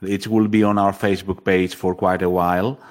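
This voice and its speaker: A man's voice: low-pitched, level tone, normal speed. A man hosting a radio interview, friendly and effusive. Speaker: radio host.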